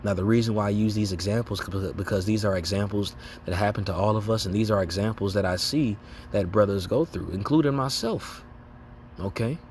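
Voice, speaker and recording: Guy preaching casual style, kinda low voice, keeps saying man and okay, laughs a lot. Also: brisk, darkish tone, a little hiss or hum. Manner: laughs and acts out reactions. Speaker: lay preacher. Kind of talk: informal religious exhortation.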